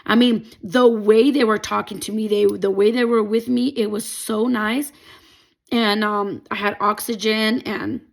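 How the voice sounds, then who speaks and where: Woman with a heavy gravelly fry, casual testimony vlog, earnest and rambling. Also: mid-range voice, steady tone, a little slow. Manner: rambling, many fillers like "like" and "um"; emotional, earnest. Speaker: testimony vlogger. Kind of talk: personal faith testimony, casual storytelling.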